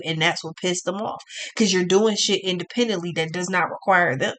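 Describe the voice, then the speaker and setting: A woman's voice: lowish voice, moderate pace, fairly bright tone. Blunt, cussing woman tarot reader. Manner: blunt, profane, ranting. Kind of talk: casual tarot reading.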